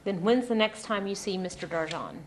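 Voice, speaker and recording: A woman's voice: medium pitch, expressive, a little fast, a little hiss or hum. A woman interviewer asking direct, probing questions.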